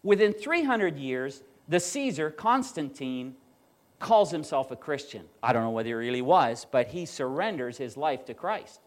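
Animated preacher man with a high voice. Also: moderate pace. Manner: animated storytelling, quoting others with emphasis. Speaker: pastor. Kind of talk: sermon.

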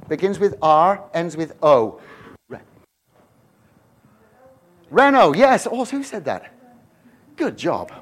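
A middle-aged man preaching a sermon, telling stories with lively swings from hushed to shouting. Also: a little high.

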